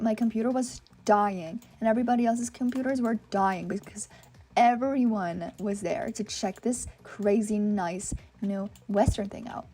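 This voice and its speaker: A young woman hosts a casual gaming vlog, reading out viewer messages and reacting with chatty, excitable commentary. Her voice is mellow and warm, sitting at an ordinary middle pitch. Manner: chatty and excitable, full of "oh my gosh" and "like"; reads viewer submissions aloud and reacts to them. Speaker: gaming channel host.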